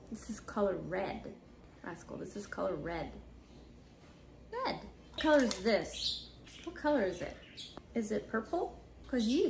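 A woman vlogging casually at home, chatting playfully and coaxing her pet bird in a sing-song voice. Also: mid-range voice. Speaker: vlogger, parrot owner. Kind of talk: casual home vlog talk. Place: home, near a birdcage. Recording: loud background noise with bird sounds. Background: birds squawking and chirping.

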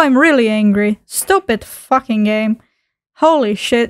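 A woman's voice: sits high, a little slow, soft background music. A woman giving casual let's-play commentary, swearing and venting in an exasperated, mock-dramatic way. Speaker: gameplay streamer.

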